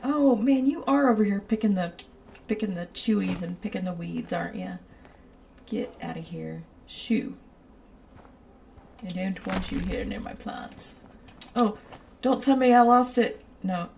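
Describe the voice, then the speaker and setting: A woman's voice: mid-range voice, vocal fry, a little mellow, far from the mic, a little hiss or hum. A woman streaming a building game, rambling and giggling as she chats with her viewers. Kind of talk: casual chat while playing a building game.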